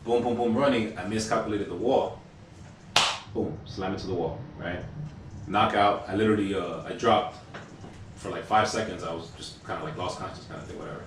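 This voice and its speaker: A fast-talking man in his thirties chats and tells stories on a podcast, animated and loose, with swearing tossed in. His fairly low voice sits back from the mic in a very echoey room with faint hiss. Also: far from the mic. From Hispanic household. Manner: animated, swears casually, many fillers. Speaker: podcast co-host. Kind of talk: casual storytelling chat.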